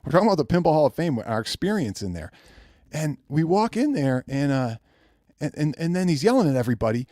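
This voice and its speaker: A podcast host, a man with a fairly high voice, tells a story in casual chat at a quick pace. He's an animated storyteller who acts out the quotes. The recording is dry, with clean studio sound.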